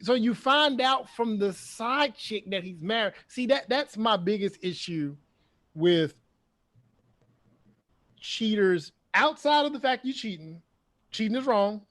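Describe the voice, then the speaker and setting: A man's voice: sits high, animated, a little slow, a bit bright, no echo. A man hosting a casual chat, giving his opinion emphatically and repeating his points. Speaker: podcast host.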